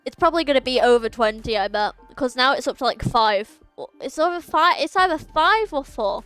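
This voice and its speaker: A woman's voice: high-pitched, animated, a little fast, fairly bright tone, clear, resonant tone. A young woman streaming a game, chatting casually, stumbling over long words and laughing at herself. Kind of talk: casual chat while reading game dialogue aloud. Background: faint game music.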